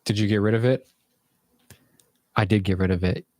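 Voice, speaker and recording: A man's voice: fairly low pitch, steady tone, normal speed, darkish tone, dry recording, studio quality. A young man telling a rambling, casual story to viewers from his bedroom, swearing freely as he goes. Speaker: vlogger.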